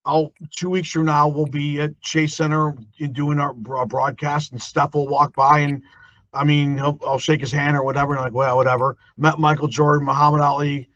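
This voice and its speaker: Male podcast host, eager and chatty, higher voice, dull lo-fi audio. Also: little pitch movement, normal speed, fairly bright tone, dry recording. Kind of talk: casual interview chat. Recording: dull, dry lo-fi sound.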